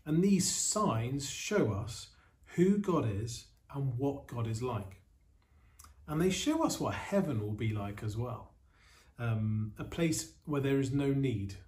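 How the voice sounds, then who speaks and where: An earnest male pastor delivering a sermon at a mid pitch. His voice sits a little mellow and warm, and he speaks with steady, reflective pauses. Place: online church service.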